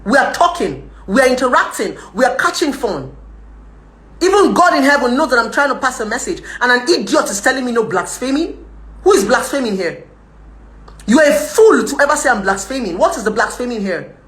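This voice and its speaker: A woman's voice: a little high, big pitch swings, fairly quick, fairly bright tone, roomy sound. Scolding Nigerian woman on a live stream. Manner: scolding, combative, switches into Pidgin, laughs often. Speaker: live video host. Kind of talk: ranting live-stream chat.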